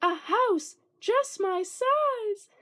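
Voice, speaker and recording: A woman voicing a tiny, fussy male house mouse with a squeaky, excited little voice in a storybook reading. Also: drawn-out words, heavily acted. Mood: delighted.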